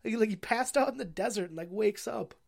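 A woman's voice: mid-range voice, a little fast, creaky, a little mellow. Rambling young woman recapping a movie. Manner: rambling, heavy on "like" and swearing, laughs often. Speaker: movie reviewer. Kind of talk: casual plot recap.

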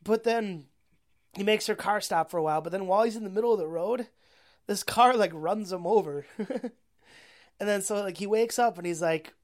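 A young woman casually recapping a movie plot at a middle pitch. She rambles, fills her talk with "like" and swearing, and often breaks into laughter. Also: moderate pace. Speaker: movie reviewer.

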